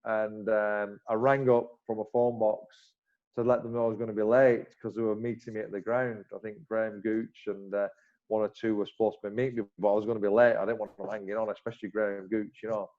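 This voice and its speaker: A man's voice: fairly low pitch, fairly quick. Man telling cricket anecdotes. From Bolton, northern England. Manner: animated anecdotes, frequent restarts, acts out dialogue. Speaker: former cricketer, guest. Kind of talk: casual interview storytelling. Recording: slightly muffled recording.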